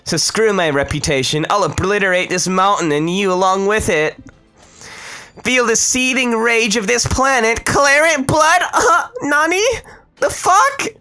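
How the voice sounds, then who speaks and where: A man voicing a brash, rage-filled young female knight, snarling and cursing in a high strained voice. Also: expressive, measured pace, pushed and bright, smooth, full character voice. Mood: furious. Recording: faint game music behind.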